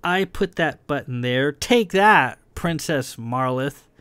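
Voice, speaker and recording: Cheerful, bragging young woman crew member, bright and raised pitch, as a man puts her on, dry sound. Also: animated, takes it slowly, clean tone, dry recording. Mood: gleeful. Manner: happy and boastful.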